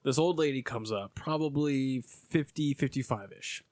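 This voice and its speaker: A man's voice: normal speed, no room sound. A man telling a work story in casual podcast chat, swearing often and mimicking customers. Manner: animated, swears a lot, mimics customers in high voices. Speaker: podcast co-host.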